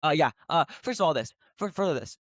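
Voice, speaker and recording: A young man with a high, quick voice argues sports picks and keeps repeating himself to cut in and tease. The sound is dry and close, with no room around it. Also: lively intonation, no echo. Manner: fast, repetitive, talks over the other, teasing. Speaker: podcast co-host. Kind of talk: heated casual sports debate.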